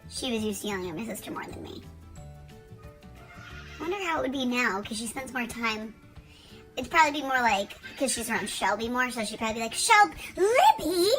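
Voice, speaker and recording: A woman in her thirties talks straight to camera in a vlog, rambling from one joke to the next. Her voice is bright and fairly high, and she swears casually as she goes. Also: poor audio. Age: 30s. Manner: rambling, jokey, profane. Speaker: vlogger.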